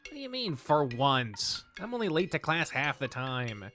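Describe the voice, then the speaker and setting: A woman voicing a teasing, sassy young male tiger student in a visual novel, quick to fire back. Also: low-pitched, very animated, fairly bright tone, soft background music. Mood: sheepish.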